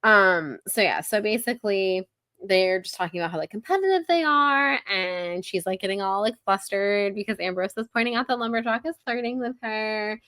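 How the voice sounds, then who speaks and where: A woman's voice: medium pitch, moderate pace, pushed and bright, no room sound. A woman co-hosting a podcast, casually retelling a book's chapters in a chatty way, with lots of "like". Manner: chatty retelling, heavy use of "like". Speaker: podcast co-host. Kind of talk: casual book-discussion chat.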